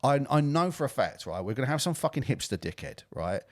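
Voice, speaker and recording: A man's voice: medium pitch, big pitch swings, fairly quick, no room sound, studio quality. A man co-hosting a podcast, ranting and swearing in casual chat. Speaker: podcast co-host.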